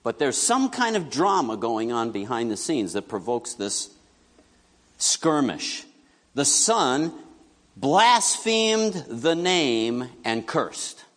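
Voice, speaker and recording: Slowly and in a mid-range voice, a middle-aged pastor works through his sermon, the sound filling a big room. His delivery is conversational and animated, with stories punctuated by acted-out quotes.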